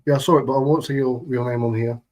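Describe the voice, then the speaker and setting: A man's voice: mid-range voice, fairly even intonation, fast, a little mellow, low-quality recording. A man chatting casually on a live stream, greeting viewers and reading their messages in a laid-back, chummy way, keeping his voice down.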